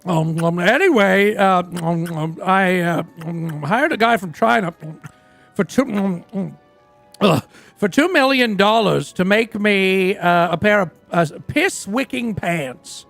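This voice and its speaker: A man's voice: sits high, animated, slow, creaky, fairly bright tone, soft background music, full character voice. A man playing a crude, boastful rock singer in a roleplay game, telling a rambling story full of fillers. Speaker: roleplay character. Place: game stream from a dry studio.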